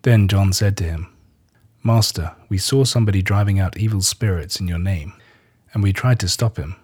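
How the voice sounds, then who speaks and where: A lowish, husky male voice reads scripture at a measured pace. He lifts the quoted lines with a gentle touch of drama and keeps the narration calm and steady. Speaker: scripture reader.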